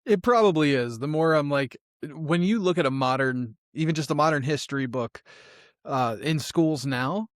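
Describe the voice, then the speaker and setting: A man hosting a podcast interview, easygoing, with quick laughs as he asks his questions. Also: on the high side, no room sound, studio quality. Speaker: podcast host.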